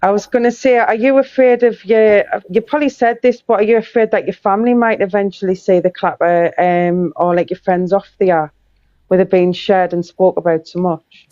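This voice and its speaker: A woman's voice: mid-range voice, steady tone, normal speed, dark tone. A woman interviewing, speaking hesitantly with many restarts and fillers in casual chat. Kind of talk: casual chat on a live stream. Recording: dull lo-fi dry sound.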